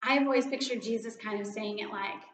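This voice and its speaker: A woman's voice: medium pitch, fairly even intonation, quick pace, fairly bright tone, a little hiss or hum. A woman giving an informal devotional talk in an earnest, reflective, conversational way. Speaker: children's ministry director giving a devotion. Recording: echoey room, slightly dull sound.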